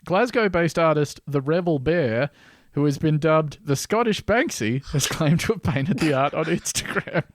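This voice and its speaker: Wry Australian man with a lively voice. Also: fairly high pitch, moderate pace, a little hiss or hum. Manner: wry, deadpan reading with laughing asides. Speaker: podcast co-host. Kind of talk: casual comedy podcast chat, reading news articles aloud.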